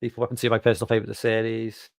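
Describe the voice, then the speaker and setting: A man's voice: on the low side, monotone, rapid-fire, no echo. A man hosting a casual chat, blunt, sweary and joking. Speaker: podcast host.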